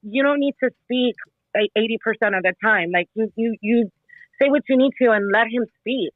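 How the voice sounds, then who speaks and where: A man's voice: very high-pitched, moderate pace, no echo. A man on a group call, complaining in a frustrated way. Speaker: listener in an online audio room. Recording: phone-like, dry audio.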